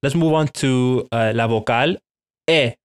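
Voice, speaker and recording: A man teaching a Spanish lesson, slowly modelling vowel sounds for learners to repeat and often checking in with "okay?". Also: mid-range voice, smooth. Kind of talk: language lesson, repeat-after-me drills.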